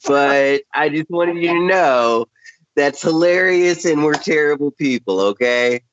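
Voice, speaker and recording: A man's voice: a little high, lively intonation, unhurried, slight background noise. A male radio co-host in casual chat, joking and musing wryly, over muffled lo-fi radio audio.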